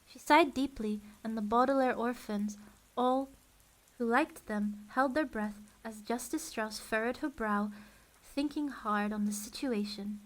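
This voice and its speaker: A woman's voice: fairly high pitch, unhurried. Give me a woman narrating a book reading in a wry, dry voice. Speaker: storyteller. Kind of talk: audiobook-style book reading.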